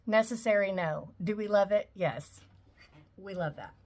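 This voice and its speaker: A woman vlogger in her forties unboxes a shopping haul at home, chatting casually and gushing over each item. She speaks at a medium pitch and a measured pace over a noisy background.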